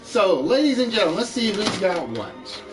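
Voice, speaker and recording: A man hosting a live-streamed chat game show, with showy, drawn-out announcing. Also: high voice, big pitch swings, distant mic, music in the background.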